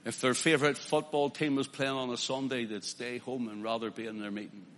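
A man's voice: mid-range voice, level tone, a little fast, fairly bright tone, in a large hall, slight background noise. A man preaching a sermon with impassion, building to emphatic declarations.

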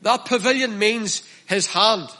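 A man's voice: sits high, a little slow, bright, forceful tone. A man preaching a sermon in an earnest manner, repeating and stressing his key phrases. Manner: earnest, repetitive emphatic preaching.

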